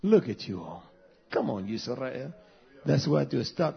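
A man in his fifties preaching a sermon, swinging between loud fervent passages and soft, intimate asides. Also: mid-range voice, big pitch swings, moderate pace, vocal fry, lo-fi sound.

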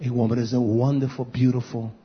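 A man preaching a fiery sermon on a live stream, chanting drawn-out cries and swinging between shouts and low murmurs. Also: level tone, lo-fi sound, slight background noise.

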